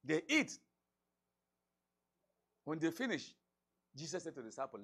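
A man's voice: on the high side, sing-song, a little slow, a bit bright, husky. A man, an imam, telling a story in a sermon and acting out the voices of the people in it. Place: mosque hall.

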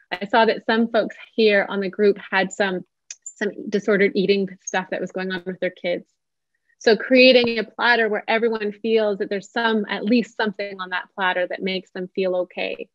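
A woman, a therapist, leading an online parenting workshop in a gentle, inviting way. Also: medium pitch, dry recording. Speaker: social worker and psychotherapist leading a workshop. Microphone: video call. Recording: dull dry video call audio.

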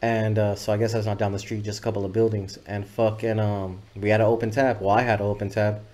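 A man's voice: fairly low pitch, little pitch movement, quick pace, dark tone. A man sits in as a podcast guest, telling a long story in a loose, profane, rambling way. He keeps slipping into other people's voices when he quotes them. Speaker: guest videographer. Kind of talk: casual storytelling interview.

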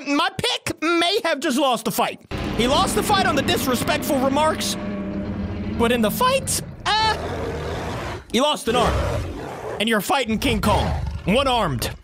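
A reaction video host giving excitable, chatty play-by-play in casual commentary, laughing often. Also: medium pitch, background noise.

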